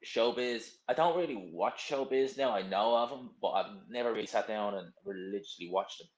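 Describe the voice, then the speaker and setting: A man's voice: on the low side, brisk, hardly any pauses. Blunt, rambling young man in a roomy space. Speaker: livestream host. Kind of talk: casual live stream chat, reading viewer comments.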